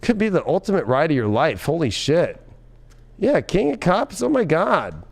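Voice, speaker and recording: A man giving a tarot reading in an excitable, loud and profane way, often breaking into laughter. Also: fairly high pitch, moderate pace, gravelly. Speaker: tarot reader.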